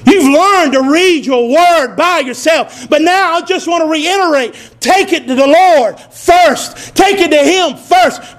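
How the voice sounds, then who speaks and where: A man preaching a sermon as pastor of his church, building to shouts and drawing call-and-response. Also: very high-pitched, takes it slowly, few pauses. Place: church sanctuary.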